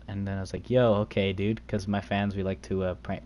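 A man's voice: on the low side, flat delivery, a little mellow. A young man livestreaming a game, chatting casually and joking with friends and viewers. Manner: joking, rapid banter with friends. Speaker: streamer. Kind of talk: casual gaming livestream chat.

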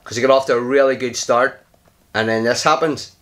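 A man's voice: medium pitch, steady tone, brisk, a bit bright, slight background noise. A man commenting casually on his own game play, muttering in frustration, sighing and swearing under his breath. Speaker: gaming channel host.

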